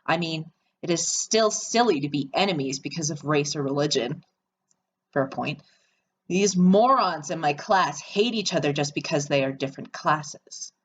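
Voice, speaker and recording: A woman voicing a shy, serious thirteen-year-old girl who speaks flatly and bluntly. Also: sits low, normal speed, a little hiss or hum. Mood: scornful.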